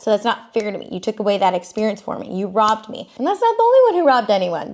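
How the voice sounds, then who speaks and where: A woman's voice: mid-range voice, darkish tone. A young woman hosting a casual reality TV recap, chatty and sassy, often mimicking people in exaggerated voices.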